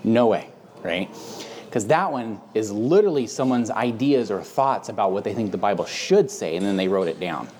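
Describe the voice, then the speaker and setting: In a casual teaching chat, a male host and Bible teacher talks at a normal speed with a lowish, darkish, expressive voice. His delivery is emphatic and conversational, sprinkled with frequent fillers.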